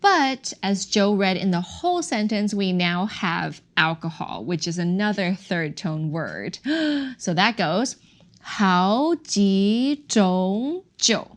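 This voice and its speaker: A woman teaching a Chinese language lesson on a podcast, slowly modeling tones. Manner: slow, careful modeling of tones with lively pitch swings.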